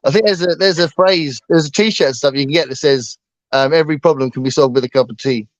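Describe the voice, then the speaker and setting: A man's voice: fairly high pitch, fast talker, no room sound. English man co-hosting a casual chat, light voice, dry muffled stream audio. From England. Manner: chatty, self-deprecating, laughs often. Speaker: co-host.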